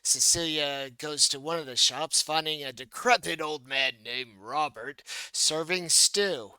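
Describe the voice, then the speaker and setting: A man's voice: fairly high pitch, measured pace, hardly any pauses, bright, forceful tone, clean tone, no echo. A man running a tabletop game as game master, narrating scenes playfully with laughs and restarts.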